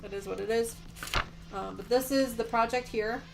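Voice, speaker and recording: A woman's voice: a little high, steady tone, moderate pace, creaky, music in the background. Chatty woman hosting a sewing livestream. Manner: gushing and chatty, reads viewer comments aloud. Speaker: quilting livestream host. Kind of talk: casual livestream chat while sewing.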